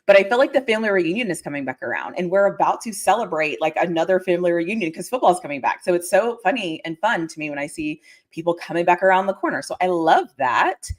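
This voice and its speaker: Chatty woman with a lively, bouncing voice. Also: on the low side, fast talker, hardly any pauses. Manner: chatty, excitable, squeals greetings to viewers. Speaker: livestream host. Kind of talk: casual livestream chat.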